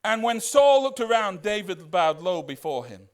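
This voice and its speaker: A man preaching a sermon as pastor, animated and putting questions to the congregation. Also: high voice, normal speed.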